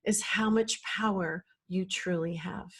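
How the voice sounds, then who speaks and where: A woman's voice: mid-range voice, fairly even intonation, measured pace, husky. A woman guest on a podcast, a life coach talking casually and with animation, acting out quoted voices and laughing easily. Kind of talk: casual conversational interview.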